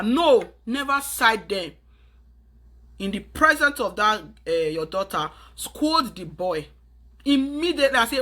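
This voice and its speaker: A Nigerian woman talking straight to her audience, urgent and preachy, with pidgin phrases. Her voice is bright and carries, at a middle pitch for a woman. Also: expressive, unhurried. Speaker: vlogger giving advice. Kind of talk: earnest advice monologue to camera.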